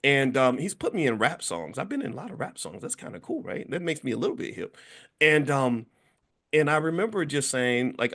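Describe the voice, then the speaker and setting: A man's voice: mid-range voice, a little fast. A man in his fifties talking casually to viewers, telling stories and acting out the voices of people he quotes, with many restarts. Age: 50s. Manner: animated storytelling, acts out quoted voices, frequent restarts. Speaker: commentator.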